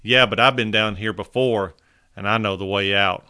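A man voicing Joe, a calm and loyal friend. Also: fairly low pitch, moderate pace, smooth. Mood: reassuring. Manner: calm, reassuring. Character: calm loyal male friend who knows the way.

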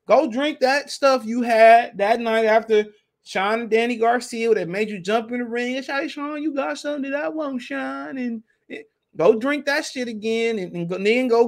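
Guy with a really high voice going off on a podcast rant, swearing a lot, repeating himself. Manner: heated, profane, repetitive ranting. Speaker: podcast host.

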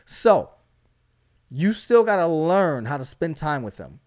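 Male preacher-host, high voice, emphatic exhorting delivery with lots of call-outs. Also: very animated, slow pace, darkish tone. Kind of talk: energetic preaching.

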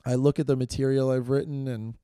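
A man's voice: mid-range voice, little pitch movement, brisk, dark tone, smooth, no echo, clean studio sound. A man from New York hosting a solo podcast, rambling with lots of fillers and self-deprecating asides, tired as he goes. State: tired, fading energy. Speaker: podcast host.

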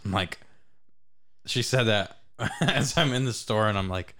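A man's voice: fairly low pitch, a little slow, fairly bright tone. A man in casual chat as a podcast co-host, given to crude, joking banter.

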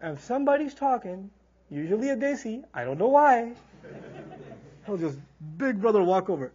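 A man giving a humorous Quran lecture as a teacher, animated and acting out characters as he tells stories. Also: high-pitched, moderate pace, dull audio, a little hiss or hum. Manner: animated storyteller, acts out quoted characters. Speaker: Islamic teacher.

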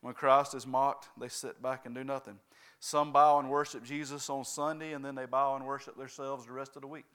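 A man's voice: mid-range voice, level tone, brisk, a bit bright, clear, resonant tone. A man preaching a sermon, constantly checking in with his congregation by asking "right?" and "amen?".

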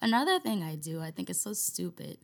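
A woman's voice: on the low side, very animated, brisk. A young woman co-hosting a podcast, chatting casually, rambling and laughing often. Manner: giggly, rambling, heavy use of "like". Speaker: podcast co-host. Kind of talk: casual chat.

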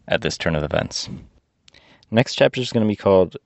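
Brief: low-voiced male host, casual read-aloud with sarcastic asides, dull dry recording. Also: normal speed, no echo. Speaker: podcast host reading a book aloud. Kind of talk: casual storybook reading with wry asides.

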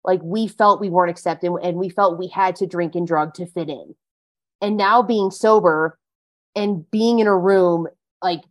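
A woman's voice: on the low side, steady tone, normal speed. A woman guest on a podcast, telling her story in a chatty, emphatic way with lots of filler words. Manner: chatty and emphatic, heavy use of "like". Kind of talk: casual conversational interview.

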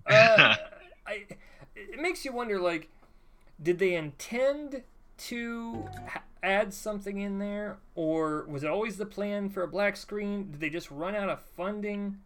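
Co-host, deadpan wisecracker, casual, bright-voiced. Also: medium pitch, unhurried. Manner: dry, deadpan jokes. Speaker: podcast co-host. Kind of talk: casual riffing commentary.

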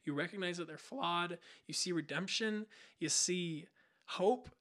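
Co-hosting a podcast, a young man talks a little slowly in a high, fairly bright voice. The casual chat is enthusiastic and rambling, and he acts out scenes from movies.

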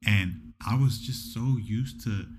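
A man with a fairly low voice talks loosely on a podcast and wanders through his thoughts. Faint background noise sits behind him. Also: takes it slowly. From Orange County, California. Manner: relaxed, rambling, restarts often. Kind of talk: casual chat.

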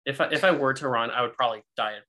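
A man's voice: medium pitch, racing, background noise. Joking, hesitant man in casual chat.

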